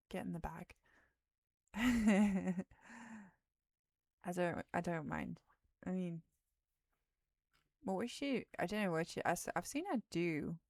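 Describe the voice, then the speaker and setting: Speaking slowly with frequent pauses, a woman with a fairly low, creaky, darkish voice sounds animated yet tired, yawning as she chats about a film on her livestream. She rambles, strays from the subject, and drops to a whisper at times, recorded in studio quality with no echo.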